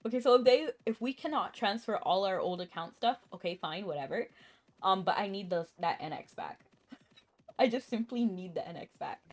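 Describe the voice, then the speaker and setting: A chatty woman streams a game and talks casually with her viewers, laughing often and stopping now and then to cough. Her voice sits at an ordinary middle pitch. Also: animated, moderate pace. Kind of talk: casual live-stream chat.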